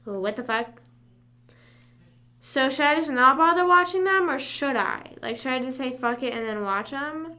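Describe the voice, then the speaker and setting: A woman's voice: high voice, moderate pace, hardly any pauses, pushed and bright. A young woman hosting a casual livestream, chatting loosely, rambling and humming to herself between thoughts. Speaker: livestream host. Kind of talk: casual live chat.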